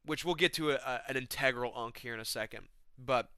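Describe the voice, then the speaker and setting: A man's voice: mid-range voice, brisk, sharp tone, smooth, no echo, clean studio sound. A young man rambling in a laid-back, slangy comedic monologue as a vlogger.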